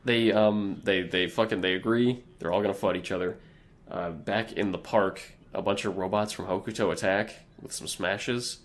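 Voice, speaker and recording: A man's voice: low-pitched, fairly even intonation, moderate pace. A man co-hosting a podcast, loosely retelling episodes in a casual, profane way. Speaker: podcast co-host. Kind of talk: casual recap chat.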